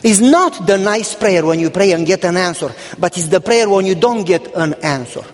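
A male pastor delivering a sermon, telling humorous stories and acting out conversations with God and a church member. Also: high-pitched. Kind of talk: sermon with storytelling. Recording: long hall reverb.

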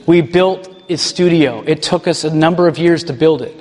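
High-voiced man telling a lively testimony. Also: normal speed, in a large hall. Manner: animated, chuckles while telling stories. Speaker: ministry leader. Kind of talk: personal testimony storytelling.

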